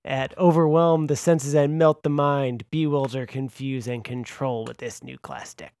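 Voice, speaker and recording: A man doing a booming trailer announcer. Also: steady tone, measured pace, a little mellow, dry recording, lightly acted. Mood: dramatic. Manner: booming, theatrical promo delivery. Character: dramatic male trailer announcer.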